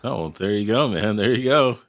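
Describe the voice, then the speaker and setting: A man co-hosting a casual livestream chat who talks slowly and drawls. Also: fairly low pitch, expressive. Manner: slow talker, drawling. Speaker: livestream co-host.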